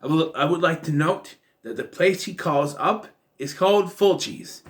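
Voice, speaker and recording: A man's voice: a little high, normal speed. Rambling man chatting about a film. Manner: rambling, with many fillers and restarts. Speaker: film reviewer. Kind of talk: casual film commentary.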